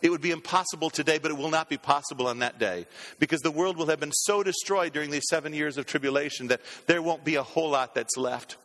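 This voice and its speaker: A man preaching a sermon, reading scripture aloud and commenting, rising to emphatic peaks and dropping low and quiet. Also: quick pace. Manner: rises to emphatic, climbing peaks then drops low and quiet.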